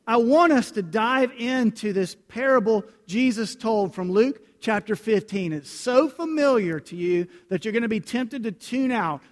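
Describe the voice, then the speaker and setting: High-voiced preacher in a reverberant hall. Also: male voice. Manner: earnest, conversational, addresses congregation directly. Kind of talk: sermon with scripture reading.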